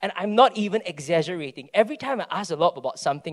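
A man's voice: high-pitched, lively intonation, racing. A man, preaching a sermon in a conversational, storytelling way and often checking in with "right?". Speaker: pastor.

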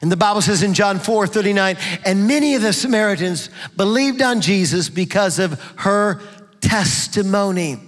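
A middle-aged man preaching a fervent sermon in a church, building to shouts. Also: high voice, expressive, normal speed. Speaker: pastor. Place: church sanctuary. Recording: long reverb of a large hall.

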